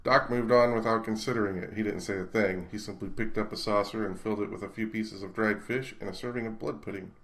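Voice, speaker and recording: A man's voice: on the low side, steady tone, fast, few pauses, a bit bright. A man reading his own short story aloud in a casual, unpolished way, stumbling and correcting himself. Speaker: author and reader.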